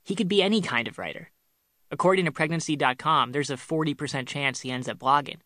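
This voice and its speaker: A man's voice: a little high, fast, sharp tone, no room sound, clean studio sound. A man voicing a flustered, defensive writer about to become a father, in a storybook reading.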